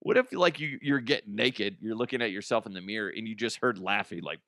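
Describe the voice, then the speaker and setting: A man's voice: on the low side, brisk, few pauses, no room sound, studio quality. A man hosting a comedy podcast, reading out listener ghost stories and riffing on them with frequent laughter and swearing. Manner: excitable, laughs often, swears freely. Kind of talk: comic commentary on listener stories.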